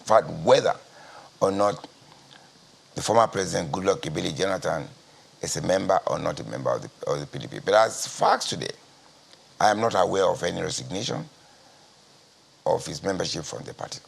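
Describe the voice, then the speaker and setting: A Nigerian man with a low, gravelly voice answers a news anchor's questions as a party spokesman. His tone is husky and slightly rough, and he talks in a measured, guarded way, circling back to the same phrases. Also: expressive. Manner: measured and deliberate, repeats key phrases.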